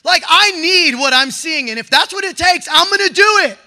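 Very high, bright-voiced excited young man. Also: normal speed. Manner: excitable, slangy, often shouting. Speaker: storyteller sharing a testimony. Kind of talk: animated personal testimony.

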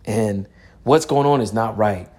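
A man giving personal testimony, halting and searching for words, with frequent restarts. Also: on the low side, warm tone.

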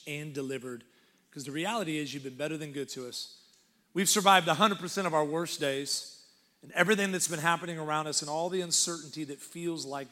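Bright, lively young preacher man. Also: fairly high pitch. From Texas. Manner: animated, joking preacher calling for crowd response. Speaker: guest pastor. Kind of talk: energetic sermon. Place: church auditorium.

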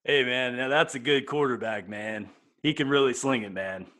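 Guy doing a low folksy football commentator, says man a lot, bright tone. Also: normal speed, close to an everyday voice. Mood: hyped. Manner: folksy, keeps saying man. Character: fired-up middle-aged male football commentator.

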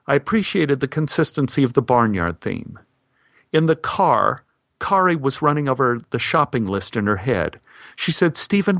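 A man narrating a funny personal story with wry, deadpan timing. His voice sits at an ordinary pitch, and the recording is dry and close, with no room echo. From United States. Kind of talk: comic storytelling monologue.

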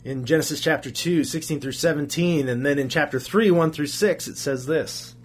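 A man's voice: on the high side, normal speed, few pauses, a little hiss or hum. A man preaching a sermon as a pastor, earnest, asking rhetorical questions and repeating phrases for emphasis.

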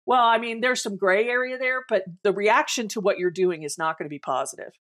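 A woman's voice: medium pitch, brisk, fairly bright tone. A woman co-hosting a podcast in casual chat, blunt and opinionated, often restarting her sentences.

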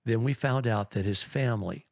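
A man's voice: medium pitch, moderate pace, creaky, darkish tone, dry recording, clean studio sound. A man who is a pastor, telling a long story in a rambling, earnest podcast chat.

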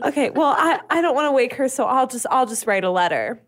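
A woman playing a tabletop game, describing her character's actions in an animated, giggly, excitable way. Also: sits high, fast talker. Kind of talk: casual in-character play.

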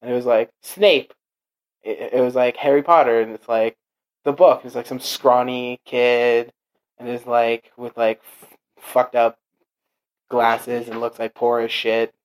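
A man from Portugal chatting casually, swearing now and then and slipping into quick put-on voices while telling stories. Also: mid-range voice, flat delivery, low-quality recording. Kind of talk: casual chat.

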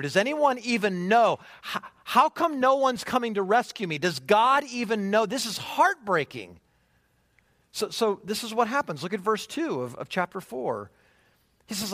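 A man preaches in a lively, conversational way, throwing rhetorical questions at his listeners. His voice sits high and swings widely in pitch. The sound is dry and close. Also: no room sound. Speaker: pastor. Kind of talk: sermon.

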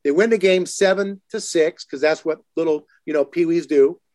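Brief: high-pitched male host, animated storyteller, dry close sound. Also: normal speed, dry recording. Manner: animated, acts out quotes in lively higher voices. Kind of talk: casual storytelling chat.

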